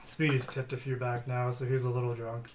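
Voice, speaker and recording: A man's voice: mid-range voice, little pitch movement, a little fast. A man, a tabletop game player, telling a long shaggy-dog joke in a playful way, chuckling as he goes. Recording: roomy room with faint hiss.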